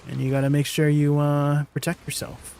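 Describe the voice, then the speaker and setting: A man with a somewhat high voice chatting through a casual game stream. He talks in an easygoing way, answers questions from his viewers and laughs easily along the way. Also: monotone, moderate pace, gravelly, a little mellow, clear, resonant tone. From Canada. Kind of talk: casual gameplay stream chat.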